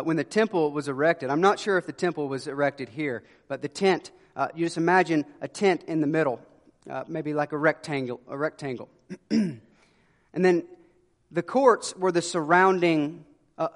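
A man preaching a sermon in an earnest way, dropping to a hush for emphasis. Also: a little high. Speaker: pastor. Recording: long hall reverb.

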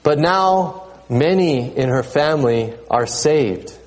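A pastor delivers a sermon in a laid-back, conversational style, frequently repeating words and lingering on filler sounds. His voice is a little high, and the audio quality is poor.

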